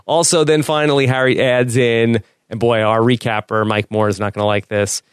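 A man co-hosting a podcast, reading listener emails aloud in a casual, halting way with many "uh" fillers. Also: mid-range voice, flat delivery, clean tone, no echo, clean studio sound. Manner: reads letters aloud, halting with frequent "uh" fillers.

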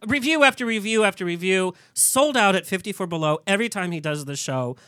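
A man's voice: sits high, expressive, fairly quick, sharp tone, smooth, dry recording, clean studio sound. A man co-hosting a talk show, joking in a campy, giggly, catty way. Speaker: co-host.

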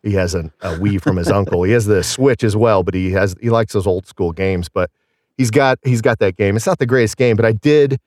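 A man's voice: fairly low pitch, fairly quick, a little mellow, no room sound, studio quality. A man in his thirties or forties, a singer and voice actor, chatting casually and telling rambling, self-deprecating stories. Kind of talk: casual podcast chat.

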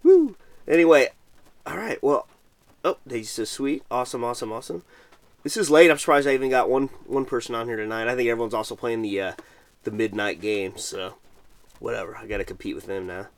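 A man's voice: mid-range voice, fast, dry recording. A middle-aged man from Missouri, hosting a casual late-night livestream and chatting while reading viewer comments aloud. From Missouri, USA. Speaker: podcast host.

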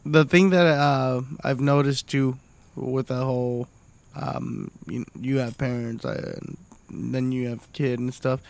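A man's voice: medium pitch, steady tone, a little slow, creaky, few pauses, smooth, dry recording. A man co-hosting a podcast in casual, crude banter, a father who swears freely, laughs often and acts out voices in his stories. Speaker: podcast co-host.

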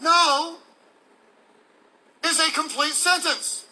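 A man's voice: very high-pitched, fairly even intonation, very slow, pushed and bright, a little hiss or hum, poor audio. A male pastor delivering a sermon in an emphatic, playful way, acting out examples for the congregation. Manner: emphatic, playful preacher who acts out examples.

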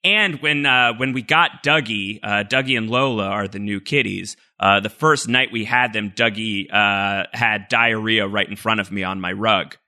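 A man's voice: on the low side, moderate pace, hardly any pauses, pushed and bright. A man co-hosting a casual podcast, reading out listener mail with lots of fillers and easy laughs. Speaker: podcast co-host. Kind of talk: casual chat.

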